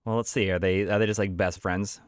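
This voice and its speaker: A man's voice: fairly low pitch, flat delivery, brisk, clean tone, no room sound, clean studio sound. A man co-hosting a podcast in casual chat, rambling with restarts and laughing easily. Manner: rambling, many restarts and fillers. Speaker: podcast co-host.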